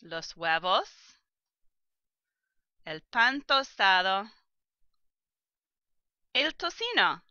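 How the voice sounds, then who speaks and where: A woman teaching a vocabulary lesson, pronouncing each word slowly and carefully and giving plain instructions to her students. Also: mid-range voice, very animated, sharp tone, no echo, dull audio. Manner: slow, careful pronunciation of vocabulary. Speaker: language teacher.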